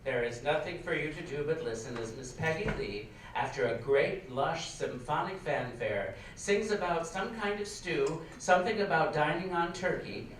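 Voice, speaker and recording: A man reads a nostalgic story aloud at a live stage event, wry and expressive with comic timing. His voice sits mid-range, swallowed in a big hall's reverb and picked up from far off, with a faint hiss underneath. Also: fairly high pitch, normal speed, hardly any pauses. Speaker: reader, storyteller. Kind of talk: live stage reading of a memoir. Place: large performing arts hall. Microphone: far camera. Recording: echoey hall from far off, faint noise.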